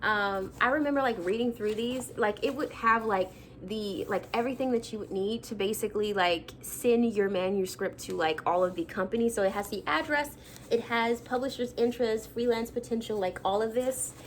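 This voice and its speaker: A young woman vlogs casually about the books of her childhood, chatty and self-mocking, with lots of fillers. Her voice is on the high side at a moderate pace. There is a little hiss or hum.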